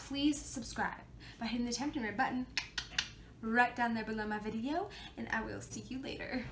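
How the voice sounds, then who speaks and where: A woman's voice: fairly high pitch, moderate pace. A woman chatting casually in a beauty vlog, bubbly and talkative, often talking to herself. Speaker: beauty vlogger. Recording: roomy echo, faint background noise.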